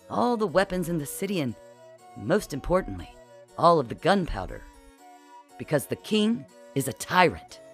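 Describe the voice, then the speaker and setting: A narrator voicing a sly, scheming male spy who talks low and conspiratorially in an audiobook. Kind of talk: audiobook character voice.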